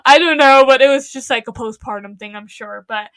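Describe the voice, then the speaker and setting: A young woman with a high voice co-hosts a casual podcast, telling her stories with drama and plenty of swearing. She acts out what others said as she goes. The sound is dry and close to the mic. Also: fairly quick, fairly bright tone, clean tone, dry recording. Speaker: podcast co-host. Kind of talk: casual chat.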